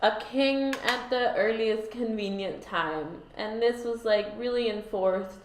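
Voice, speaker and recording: A woman vlogger with a slightly high voice unhurriedly relays a historical tale, swearing, being sarcastic and irreverent, and saying "like" a lot. There's a bit of hiss or hum, and the room is echoey.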